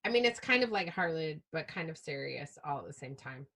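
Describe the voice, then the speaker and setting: A middle-aged woman from Utah, a preacher and podcast guest, telling candid, self-mocking stories in an animated way with frequent laughter. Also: low voice, a little fast. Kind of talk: candid storytelling chat.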